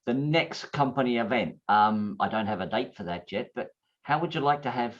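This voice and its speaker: A man hosting a group call, addressing everyone casually and speaking haltingly with fillers. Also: mid-range voice, lively intonation. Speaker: host of the call. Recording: dull lo-fi online call audio.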